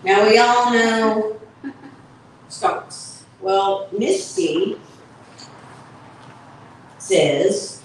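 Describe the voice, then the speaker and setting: Slow woman reading a picture book aloud. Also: mid-range voice, slight background noise. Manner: slow, explanatory storytelling with asides. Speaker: author reading her book. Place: event hall at a book fair. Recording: echoey event hall from far off.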